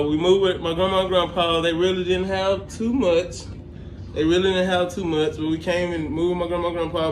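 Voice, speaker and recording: Picture a young man with a noticeably high voice, rambling through his story in a casual, halting way and leaning on plenty of ums. The sound is roomy, with a faint hiss of background noise under it. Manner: rambling, halting, many fillers. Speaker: scholarship applicant. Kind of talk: casual to-camera talk.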